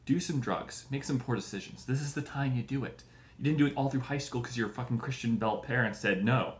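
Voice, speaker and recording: A man hosting a show and delivering a profane comedic rant, animated and full of mock voices. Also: mid-range voice, brisk. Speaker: show host. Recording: echoey room.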